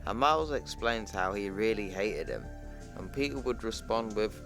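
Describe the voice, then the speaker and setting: A man's voice: lowish voice, animated, moderate pace, creaky. A man casually retelling a comic book storyline for his viewers and calling them "people", with faint music underneath. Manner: chatty, addresses viewers as "people", retells dialogue plainly. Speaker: comic book explainer channel host. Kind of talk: casual comic recap narration.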